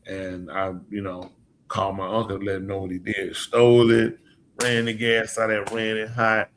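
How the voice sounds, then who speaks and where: A male preacher hosting a live talk show, telling stories in a lively way and acting out the voices of the people he quotes. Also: on the low side, normal speed. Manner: lively storyteller who acts out quoted voices. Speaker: podcast host and preacher. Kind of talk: casual storytelling chat.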